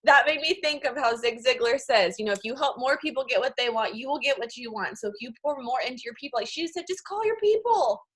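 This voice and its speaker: A woman's voice: high voice, animated, fast talker, few pauses, a bit bright, breathy edge. A woman host gushing and cheering between speakers. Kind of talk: enthusiastic hosting.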